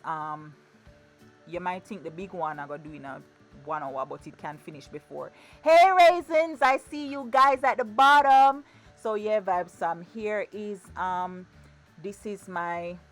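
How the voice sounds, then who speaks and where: A woman giving a chatty, playful cooking demonstration in her home kitchen, often repeating her words. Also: lowish voice. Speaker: cooking vlogger.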